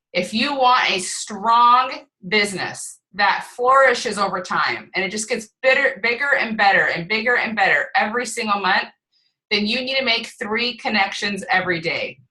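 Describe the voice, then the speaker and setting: A woman leading a team call, coaching in an energetic way, repeating points and often checking in with "right?". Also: on the high side, rough recording. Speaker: team leader on a group call. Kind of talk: motivational coaching talk.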